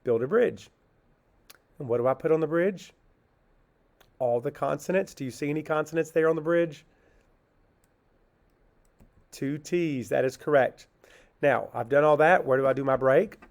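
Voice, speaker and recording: Working through a children's phonics lesson, a man with a fairly high, gravelly voice asks a question and supplies the answer himself. He then sounds out words syllable by syllable, slowly and patiently.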